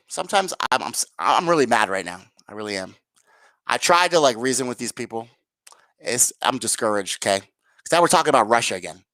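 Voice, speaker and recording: A woman's voice: on the low side, a bit bright, no room sound. A woman hosting a solo political commentary livestream. She rants sarcastically and profanely, firing rhetorical questions at her viewers.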